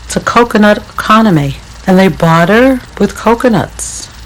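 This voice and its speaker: A middle-aged woman from the United States telling family memories in theatrical memoir narration, with a slow, expressive delivery. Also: medium pitch, a little hiss or hum, low-quality recording. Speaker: performer recounting family memories.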